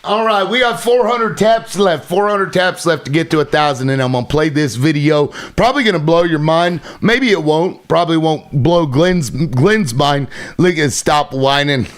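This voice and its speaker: A livestream host rants irritably, swearing heavily and dripping with sarcasm. His voice runs on the high side at normal speed, with hardly any pauses.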